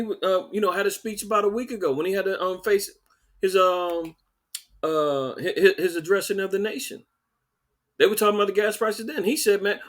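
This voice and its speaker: Man, podcast host, ranting commentary, sarcastic, slightly high voice. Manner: animated, sarcastic, mocking.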